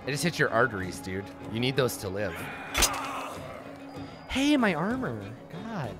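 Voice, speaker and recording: A man commentating a let's play, reading the game's text aloud and reacting with profane, animated asides. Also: medium pitch, unhurried, music in the background. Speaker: host.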